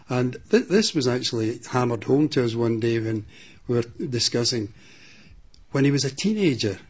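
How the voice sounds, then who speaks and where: Husky man reminiscing. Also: medium pitch, a little mellow, dull audio. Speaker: interviewee recalling a friend. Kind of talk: reminiscing interview.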